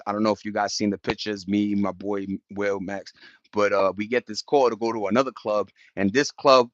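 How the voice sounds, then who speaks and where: A middle-aged man, telling stories in casual chat, slangy and animated, jumping into high-pitched impressions. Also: dry recording, dull audio. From New York.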